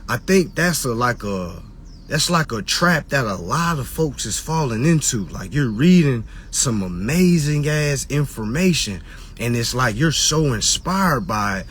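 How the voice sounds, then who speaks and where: A man's voice: medium pitch, sing-song, unhurried, a bit bright, a little hiss or hum. A man lecturing his live-stream followers in casual, preachy talk, repeating his points and mocking people in put-on voices. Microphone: phone on a live stream.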